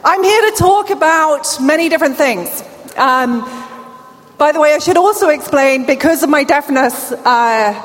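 A woman's voice: high voice, unhurried. A woman with a British accent and a deaf accent gives a conference keynote in a large hall, rousing the crowd and talking to the audience directly. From England. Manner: lively, crowd-rousing, warm asides to the audience. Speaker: keynote speaker. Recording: long hall reverb, faint room noise.

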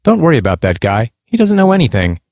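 An overeager young man, confiding and insistent, his voice lifted and lively, as a male reader puts him on. The sound is close and dry. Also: medium pitch, quick pace, no room sound. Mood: eager, confiding.

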